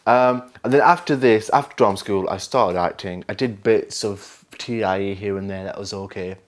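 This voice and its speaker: A young man with a Lancashire accent talks through his memories in an unscripted interview. His voice sits very low. He rambles, mocks himself and slips into other people's voices as he tells his stories. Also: normal speed. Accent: Northern English, Lancashire. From England, Burnley. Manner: rambling, self-mocking storyteller with laughs and mimicry. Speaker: actor interviewee.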